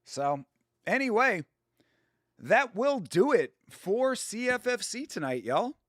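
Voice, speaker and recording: A man's voice: high voice, big pitch swings, takes it slowly, fairly bright tone, dry recording, clean studio sound. A young man hosting a casual MMA live stream, rambling and swearing freely, with many fillers. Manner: rambling, profane, filler-heavy.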